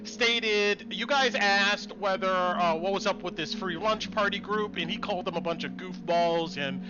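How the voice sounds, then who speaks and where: A man, the game master, calmly filling in story details during a casual recap. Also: high-pitched, moderate pace. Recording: dull lo-fi mic with music behind.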